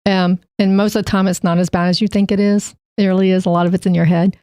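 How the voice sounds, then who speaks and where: A woman's voice: medium pitch, flat delivery, quick pace, dark tone, clean tone, no echo. Earnest woman podcast co-host, dry sound. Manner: earnest and direct, laughs easily. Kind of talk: casual faith podcast chat.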